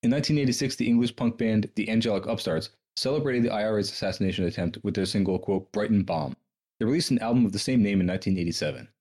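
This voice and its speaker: Fast-talking husky man reading history. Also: on the low side, darkish tone. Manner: profane, sarcastic, reads quotes then riffs. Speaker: podcast co-host. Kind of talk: casual chat, reading history aloud.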